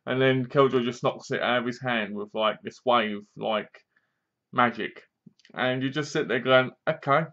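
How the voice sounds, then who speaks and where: A film reviewer with an ordinary mid-pitched voice casually rambles through a movie's plot, tossing in dry, mocking jabs. Along the way he acts out bits of scenes in funny voices. The recording is slightly dull and lo-fi, yet a bit bright.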